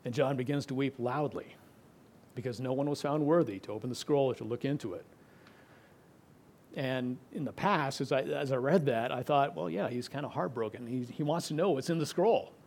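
A middle-aged man preaching a sermon, explaining scripture verse by verse, moving between emphatic passages and quiet, hushed ones. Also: mid-range voice, normal speed, gravelly, slight background noise. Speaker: pastor.

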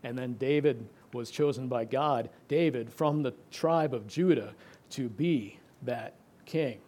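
Man preaching with loud and hushed swings. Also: mid-range voice, measured pace. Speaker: pastor. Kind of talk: sermon.

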